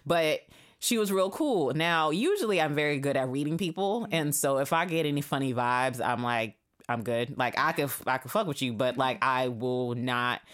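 A woman's voice: rumbling low, lively intonation, normal speed. A woman in her thirties, a podcast guest, telling stories from her past in a candid, slangy and profane way, with lots of fillers. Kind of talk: casual chat, storytelling.

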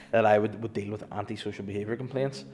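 A man's voice: fairly low pitch, fairly even intonation, a little fast, darkish tone. A young man with a Northern Irish accent, chatting casually and telling funny stories, swearing and laughing. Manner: storytelling, swears, acts out voices, laughs a lot. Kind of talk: casual comedic chat.

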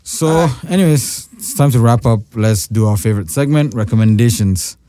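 A young man who hosts a casual podcast, speaking in a measured way with hesitant restarts. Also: mid-range voice, mellow. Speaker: podcast host. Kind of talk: casual chat.

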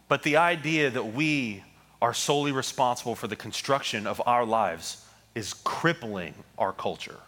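A man preaches in a relaxed, conversational style, and his ums and small asides come between the points of the sermon. His voice sits in an ordinary middle pitch. A long hall reverb trails after his words. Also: moderate pace. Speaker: pastor.

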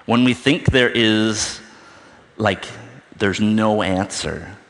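Low-voiced man preaching in an echoing hall. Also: slow, creaky, fairly bright tone. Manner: informal, thinking aloud with frequent "right?". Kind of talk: conversational sermon.

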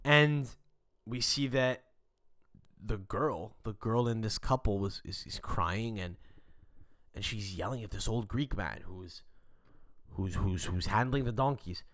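Rambling, profane young podcast host. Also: male voice, lowish voice, measured pace, pauses often. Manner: rambling, profane, animated storyteller. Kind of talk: casual storytelling rant.

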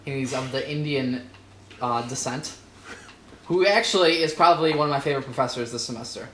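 A man's voice: medium pitch, brisk, a bit bright, reverberant, a little hiss or hum. A young man co-hosting a podcast, speaking hesitantly in casual chat with many fillers. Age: young adult. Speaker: podcast co-host.

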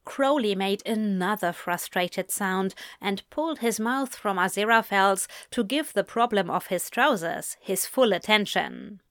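A woman narrates a story at an unhurried, deliberate pace into a close microphone. Her mid-pitched reading stays even, and the recording is dry. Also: no room sound. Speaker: narrator reading fan fiction aloud.

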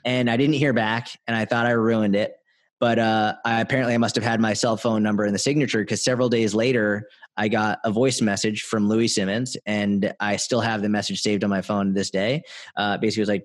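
Low-voiced young man telling a story. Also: brisk, dry recording. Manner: animated, many "like" fillers. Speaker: guest. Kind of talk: casual storytelling.

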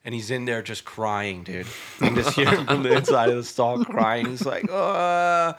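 A man's voice: mid-range voice, lively intonation, normal speed, a crowd in the background. A young man hosting a casual chat show, telling a story in a laid-back way, often saying "dude" and "bro" and laughing. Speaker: podcast host.

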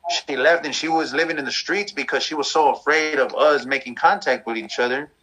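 A man's voice: fairly high pitch, brisk, background noise. A man talking candidly and reflectively about his past in a loose, conversational way. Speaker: guest sharing his story.

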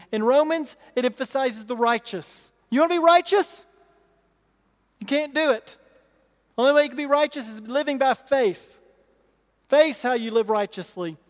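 A man with a strikingly high voice delivers an emphatic sermon, repeating key phrases and asking his listeners rhetorical questions. His voice rings out with the long reverb of a large church hall. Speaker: pastor.

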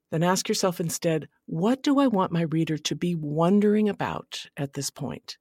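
A woman hosting a writing podcast, giving scripted narration in an earnest, measured delivery. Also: on the low side, animated, darkish tone, slightly rough, dry recording, studio quality.

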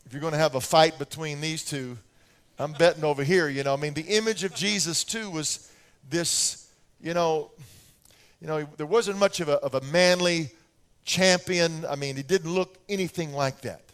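A man's voice: a little high, normal speed, clean tone. An older American man preaching a sermon, telling stories and acting out little scenes with his children's voices. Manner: animated storytelling, acts out voices of his kids.

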